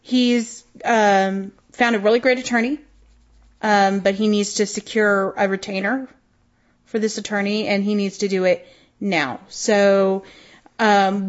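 A woman's voice: medium pitch, steady tone, a little slow, muffled recording. A woman co-hosting a podcast in casual chat, matter-of-fact with frequent ums. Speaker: podcast co-host.

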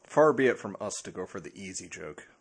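A man's voice: sits low, lively intonation, fairly quick, husky. A man co-hosting a casual podcast, trading dry, teasing banter. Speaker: podcast co-host.

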